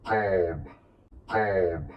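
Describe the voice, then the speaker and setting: Guy doing a big dumb hill giant boss, really deep and slow, broken grammar, super noisy recording. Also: dull audio, crowd noise. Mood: commanding. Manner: broken caveman-style grammar, gruff commands. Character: brutish male hill giant chieftain, blunt and bossy. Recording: loud background noise.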